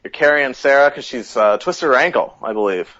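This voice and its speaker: A man's voice: medium pitch, a little fast. Man, podcast host, casual chat, acts out quotes, muffled lo-fi recording. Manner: animated retelling, acts out quotes. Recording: dull lo-fi podcast audio.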